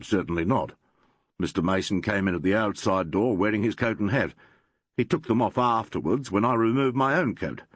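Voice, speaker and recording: A man's voice: on the low side, normal speed, dry recording, dull audio, natural voice. A man doing a proud, formal doctor. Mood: indignant. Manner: formal, emphatic speech. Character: proud, formal male doctor, quick to anger.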